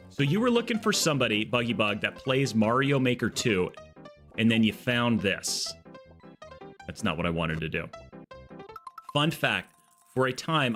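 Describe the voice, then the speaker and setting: A man live-streaming a game, chatting casually in an excitable, joking, rambling way. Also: on the low side.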